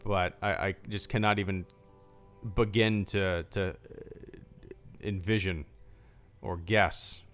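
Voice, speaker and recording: A man's voice: low voice, fairly even intonation, slow, pauses often, fairly bright tone, clean tone, soft background music. Chatty, rambling male streamer. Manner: rambling, chatty, many restarts and fillers. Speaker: YouTube channel host. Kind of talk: casual livestream supporter Q&A.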